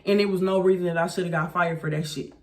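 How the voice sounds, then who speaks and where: Woman, blunt profane storytime vlog, animated rant. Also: lowish voice, quick pace. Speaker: vlogger.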